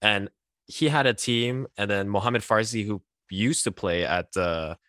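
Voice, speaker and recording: A man telling a story in casual podcast chat, animated and laughing often. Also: lowish voice, unhurried, dry recording, studio quality.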